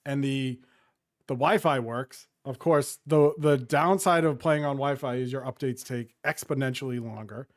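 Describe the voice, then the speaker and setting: A man's voice: medium pitch, normal speed. A man co-hosting a gaming podcast, telling a long rambling story in casual chat. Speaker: podcast co-host.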